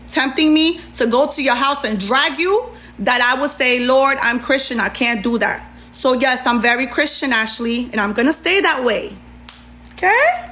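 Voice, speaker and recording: A woman's voice: a little high, fairly bright tone. A woman, ranting heatedly on a livestream and retelling an argument with plenty of sass. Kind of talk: livestream rant.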